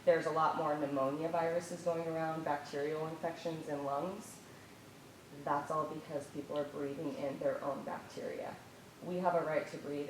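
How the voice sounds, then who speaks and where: A woman's voice: level tone, moderate pace. A woman speaking as a parent during public comment at a school board meeting, indignant and accusing. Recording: distant, echoey hall with faint rumble.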